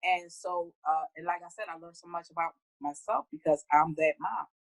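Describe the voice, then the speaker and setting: Middle-aged woman guest, low voice, heartfelt, jumps up in pitch when she quotes herself or her family. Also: moderate pace, poor audio. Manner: heartfelt, acts out her own conversations in a higher voice. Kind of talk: casual interview talk.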